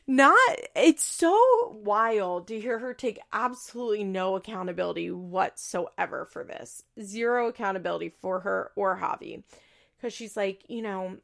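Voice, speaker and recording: A woman's voice: mid-range voice, lively intonation, measured pace, creaky, a bit bright. A woman recapping a show in a casual, opinionated and sarcastic way, full of fillers. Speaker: podcast host recapping a reality show. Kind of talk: casual chat.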